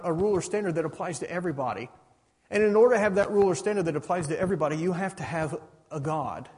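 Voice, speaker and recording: A middle-aged man preaching with a high, husky voice that swings widely in pitch. He drives his argument with rhetorical questions, and his words ring out in a hall with a long echo. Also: darkish tone. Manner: repeats "you understand that?" with rhetorical questions. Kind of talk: sermon. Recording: reverberant hall.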